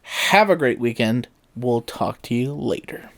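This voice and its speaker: A man hosting a podcast, wrapping up with an easy, unhurried sign-off. His pitch is middle of the road and he drops in the odd uh as he asks listeners to subscribe. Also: lively intonation, vocal fry, fairly bright tone. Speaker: podcast host.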